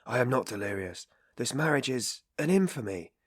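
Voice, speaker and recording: A man's voice: mid-range voice, expressive, normal speed, husky, no echo, pitched above the performer's own voice. An irritable, feverish young man, read by a male narrator snaps out short, curt sentences in a plain mid-range voice. The sound is dry and close.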